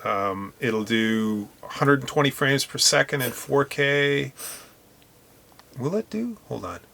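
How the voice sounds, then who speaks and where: A man's voice: medium pitch, takes it slowly, vocal fry. Emphatic Northern Irish man talking cameras. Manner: animated, emphatic, talks through camera specs. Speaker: podcast co-host. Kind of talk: casual chat.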